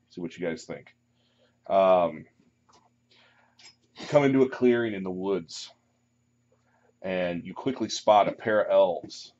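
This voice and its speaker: A man running a tabletop game as dungeon master, relaxed and rambling with many pauses and ums. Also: low-pitched, a little hiss or hum. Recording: muffled lo-fi recording.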